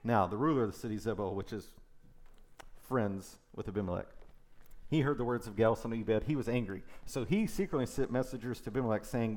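A man's voice: on the low side, fairly quick. Man preaching through a scripture passage. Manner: reads scripture aloud with lively conversational asides. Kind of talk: sermon with scripture reading.

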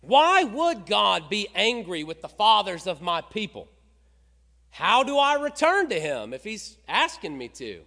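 Middle-aged male pastor, high and lively voice, sermon delivery in a big echoing church. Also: a little slow, gravelly. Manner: preaching with rising emphasis, rhetorical questions. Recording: reverberant hall.

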